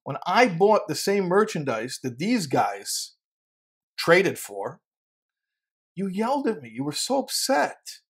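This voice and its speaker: A man's voice: high-pitched, sing-song, slow, slightly rough, heavily acted. A man voicing a puzzled young son-in-law who earnestly questions his father-in-law in a told parable.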